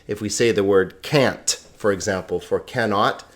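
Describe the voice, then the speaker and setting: A man teaching a recorded Greek lesson, sounding words out slowly syllable by syllable. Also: lowish voice.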